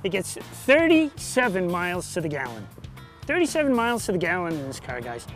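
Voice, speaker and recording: A man's voice: high-pitched, huge pitch swings, fairly quick, a bit bright, soft background music. A man co-hosting a local TV car-sales show, upbeat, listing features and urging viewers to hurry in. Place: car dealership lot.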